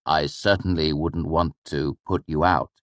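A wry, easygoing troupe father, put on by a male audiobook narrator. He speaks in a gently teasing way, set a little above the narrator's deep voice, in a dry recording. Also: steady tone, a little slow, no echo.

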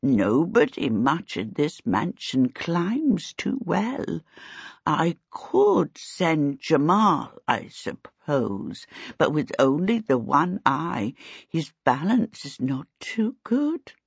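A woman voicing a slow, doddering elderly male servant in a storybook reading, in a dull lo-fi recording. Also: sits low, very animated, vocal fry, breathy edge, no room sound, heavily acted. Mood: fretful, slow. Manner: slow, drawling and unhurried.

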